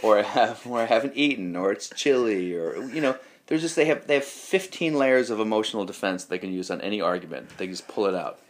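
A man, a comedian guest in a casual podcast chat, telling animated stories and acting out other people. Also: fairly low pitch, fast talker. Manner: animated storytelling, acts out other people with raised voice.

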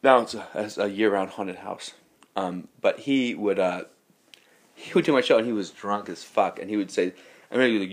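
Man, very low voice, casual profane storytelling, comedian host. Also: fairly quick, long pauses. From New York. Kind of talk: casual chat.

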